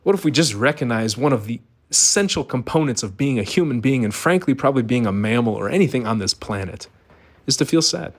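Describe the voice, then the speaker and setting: A man's voice: mid-range voice, expressive, fairly quick. A middle-aged man giving an earnest, emphatic monologue, asking rhetorical questions. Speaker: vlogger. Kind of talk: personal monologue.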